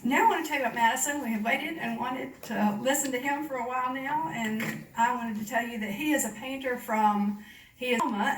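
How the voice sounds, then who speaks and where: A woman hosting a meeting, making announcements and introducing the speaker in a friendly, relaxed way. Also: a little high. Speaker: meeting host. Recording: distant mic in a roomy hall, faint noise.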